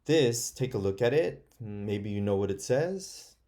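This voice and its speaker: A male first grade teacher leads an online phonics lesson, patiently sounding out words for young learners. He speaks very slowly, with hesitant fillers and a mellow tone. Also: on the low side, animated. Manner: slow, patient, models sounding out words aloud.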